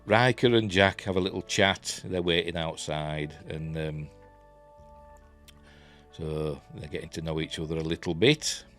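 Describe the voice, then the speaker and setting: A man with a Yorkshire accent reviewing a TV episode in a rambling, casual way, full of fillers. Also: deep voice.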